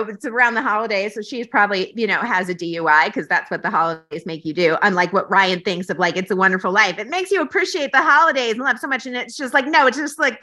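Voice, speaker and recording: A woman chats as a podcast guest, rambling and sarcastic with plenty of swearing. Her voice is high and bright. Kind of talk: casual podcast chat.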